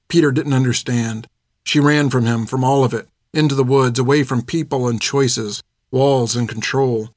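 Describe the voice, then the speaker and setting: A male narrator reading a chapter of an audiobook at a steady, even pace. His voice sits in a middle pitch, and the sound is close and dry. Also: dry recording.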